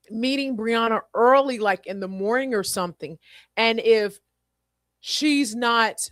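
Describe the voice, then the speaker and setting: A woman hosts a live, casual podcast, reading listener comments and addressing people by name. She is animated and chatty and repeats herself. Her mid-range voice is recorded dry at studio quality.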